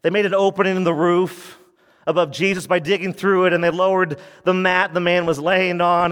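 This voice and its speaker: A man preaches with emphatic conviction. His voice sits a little high for a man, falls low and quiet on key points, and rises when he quotes. A long reverb from a large hall trails every line. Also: moderate pace. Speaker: pastor. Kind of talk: sermon.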